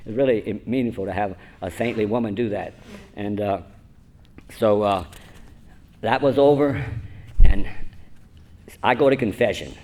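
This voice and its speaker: A man's voice: on the low side, moderate pace, pauses often, a little mellow. A man in his seventies giving a rambling, self-mocking personal talk at a church conference, chuckling often. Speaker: conference speaker.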